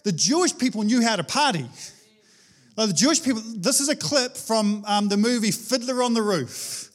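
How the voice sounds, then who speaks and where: A male preacher giving a casual, conversational sermon, animated and chatty, with frequent restarts. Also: high-pitched, normal speed.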